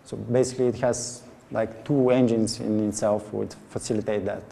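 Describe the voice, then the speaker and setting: A man giving a technical talk at a conference, pausing often with filler sounds. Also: fairly low pitch, fairly even intonation, gravelly, warm tone. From Bulgaria. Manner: hesitant, many filler sounds. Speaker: conference speaker. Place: large conference hall. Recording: reverberant hall sound.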